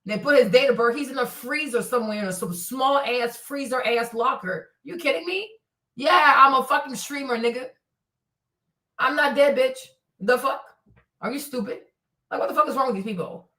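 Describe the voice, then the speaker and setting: A combative woman streamer ranting at her chat, cursing freely and mocking her critics. Her voice sits fairly high and sounds set back from the mic in a roomy, echoey space. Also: moderate pace, bright, forceful tone. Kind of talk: livestream rant answering chat. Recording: roomy echo, distant from mic.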